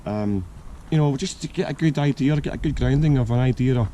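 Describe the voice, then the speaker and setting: A man with a croaky voice from a cold, hosting and giving casual buying advice with lots of ums and restarts. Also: medium pitch, a little fast, dark tone, a little hiss or hum. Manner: hesitant, many ums and restarts. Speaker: car channel host.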